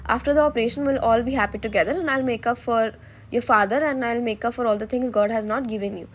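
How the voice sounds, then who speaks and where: An anguished, pleading mother, read aloud by a woman. The voice sits fairly high and earnest, staying close to a plain reading voice. The recording sounds a little dull and muffled. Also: quick pace, a little hiss or hum, close to an everyday voice. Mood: tender. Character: anguished middle-aged mother, defensive and pleading.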